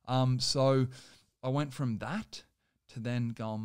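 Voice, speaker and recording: A man's voice: medium pitch, steady tone, slow pace, a little mellow, smooth, no room sound, studio quality. A young man, telling a personal story as a guest in loose, rambling casual talk full of swearing and filler words.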